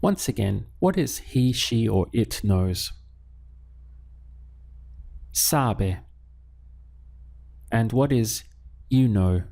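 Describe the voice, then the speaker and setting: Male teacher, slow and patient, lowish voice, repeats phrases for learners. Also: expressive, vocal fry, dark tone. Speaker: Spanish teacher. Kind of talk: spoken language lesson. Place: lives in Latin America.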